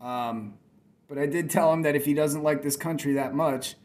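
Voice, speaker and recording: Male channel host, confrontational and profane, slightly high voice. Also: fairly even intonation, moderate pace, darkish tone. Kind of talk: reaction commentary.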